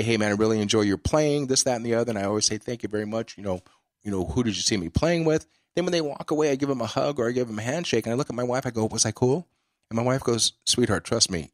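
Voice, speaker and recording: A man hosts a casual podcast chat and spins long anecdotes, circling back with plenty of filler words. His voice sits at a middle pitch. It is recorded dry and close, with no room around it. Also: no room sound. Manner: storytelling, rambling with many fillers. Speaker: podcast host.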